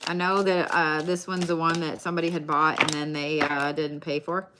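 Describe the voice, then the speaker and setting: Woman doing live card readings, kinda low voice, chatty, talks right to viewers. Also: little pitch movement, moderate pace, heavy background noise. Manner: chatty, addresses viewers by name. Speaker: tarot card reader.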